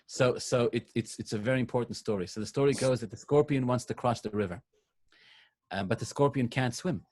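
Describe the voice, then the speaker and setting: A man's voice: mid-range voice, fairly quick, darkish tone. A man speaking as a rabbi to a congregation in a synagogue, answering a question in a conversational way with frequent restarts. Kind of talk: sermon-style Q&A to a congregation.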